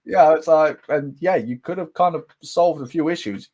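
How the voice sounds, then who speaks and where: A British man hosting a casual live-stream chat, animated and often laughing, breaking into quick impressions. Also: on the high side. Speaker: host.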